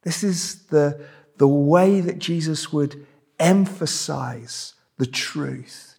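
Brief: pastor, husky, fairly high voice, emphatic sermon delivery in a church. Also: male voice, slow, a little mellow. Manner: emphatic, repeats key words.

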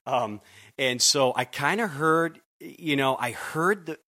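A man's voice: medium pitch, slow pace, sharp tone, dry recording. A youth pastor from Connecticut telling his calling story in an earnest, conversational way with frequent restarts. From Connecticut, USA. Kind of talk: conversational podcast interview.

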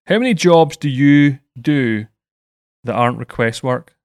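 A man's voice: mid-range voice, lively intonation, measured pace, darkish tone, no room sound, clean studio sound. A Scottish man hosting a casual podcast chat and reading out listener messages. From Scotland. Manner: banter, reads listener messages. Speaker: podcast host.

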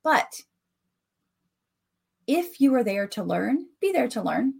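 A woman's voice: fairly high pitch, very animated, slow pace, vocal fry, a little mellow, breathy edge. A woman with a Southern US country accent hosting a casual solo podcast, talking directly and animatedly to her listeners. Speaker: podcast host and coach. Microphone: voice message recording.

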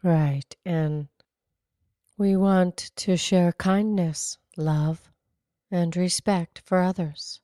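Woman putting on a calm low-voiced co-host. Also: drawn-out words, no room sound, clean studio sound. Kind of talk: casual chat.

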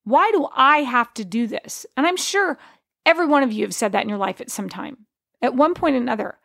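A woman's voice: high voice, lively intonation, fairly quick, creaky, fairly bright tone, no room sound, clean studio sound. A woman in her forties giving an earnest, conversational faith testimony, full of fillers and restarts. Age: 40s.

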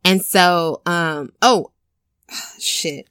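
A woman's voice: lowish voice, extremely slow, a bit bright, clean tone, no echo, clean studio sound. A woman hosting a casual podcast chat, animatedly retelling a film's plot and acting out the characters' lines with cursing and laughter. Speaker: podcast co-host retelling a film.

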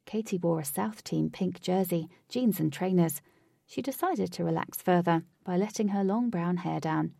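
A woman reads a story aloud in a steady, even voice. Her pitch sits low with a gravelly fry, and the recording is dry and close. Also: moderate pace, no echo, far from the mic. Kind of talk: audiobook narration.

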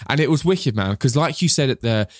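A man's voice: mid-range voice, expressive, fairly quick, darkish tone, no echo, studio quality. A man co-hosting a casual podcast, talking enthusiastically with slangy phrases. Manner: enthusiastic, slangy, "mate" and "wicked". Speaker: podcast co-host and drum teacher.

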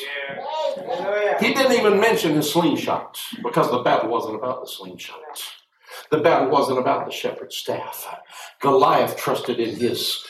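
Brief: man preaching, very animated delivery, bursts of shouting, echoey room. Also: fairly high pitch, measured pace. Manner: animated, calls on the congregation; shouting at peaks. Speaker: pastor. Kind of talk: sermon. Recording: roomy hall sound from far off.

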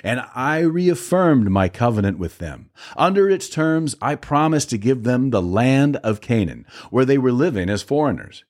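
A solemn, all-powerful divine voice that speaks in slow, measured declarations, as a man reads it aloud. The pitch moves widely as each promise is stressed. This is a plain scripture reading rather than a dramatic performance. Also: very animated, darkish tone, natural voice.

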